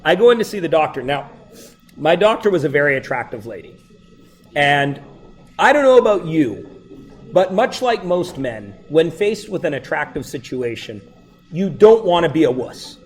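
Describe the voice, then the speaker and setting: A middle-aged male teacher telling funny personal stories to his class, animated and breaking into loud exclamations. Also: fairly high pitch, moderate pace, soft background music. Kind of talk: storytelling to a class.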